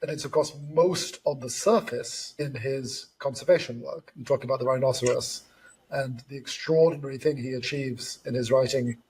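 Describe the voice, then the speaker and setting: A man interviewing in a relaxed conversation, telling stories with animated enthusiasm. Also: mid-range voice, moderate pace, slightly rough. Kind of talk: reflective conversation.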